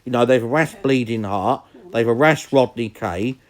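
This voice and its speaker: A man's voice: mid-range voice, normal speed. A man giving casual, indignant commentary, rambling with frequent restarts.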